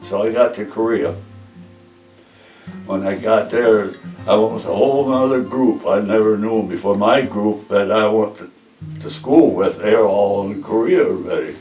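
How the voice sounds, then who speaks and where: Older male veteran, low voice, plainspoken oral-history teller; roomy distant recording with faint music under. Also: normal speed, darkish tone. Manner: plainspoken, repeats "he says" while retelling dialogue. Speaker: veteran interviewee.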